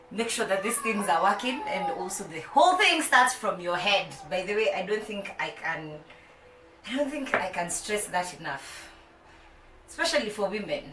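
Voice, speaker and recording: A woman's voice: medium pitch, a bit bright, recorded from a distance. A young woman with a Kenyan accent chatting playfully to camera, laughing often, in a home with street noise outside. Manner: playful, laughs often, mixes English and Swahili. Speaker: vlogger. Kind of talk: casual chat to camera. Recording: roomy sound from off the mic.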